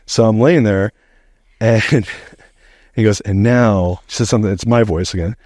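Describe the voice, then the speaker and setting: Middle-aged male podcast guest, deep and dry, loose profane storyteller. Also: normal speed, dry recording. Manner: animated, rambling, heavy use of "like", swears freely. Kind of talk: casual storytelling.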